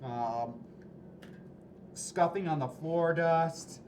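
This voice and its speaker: Guy narrating as game master, kinda high voice, lots of "like" and "uh", noisy background. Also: extremely slow, darkish tone. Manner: descriptive, hesitant, many fillers. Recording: noisy room.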